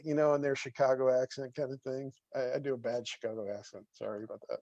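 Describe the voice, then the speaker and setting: A man's voice: mid-range voice, steady tone, a little fast, few pauses, dark tone, dry recording, lo-fi sound. A man hosting an interview, chatty and self-deprecating, asking rambling questions. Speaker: interview host. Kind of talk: casual interview chat.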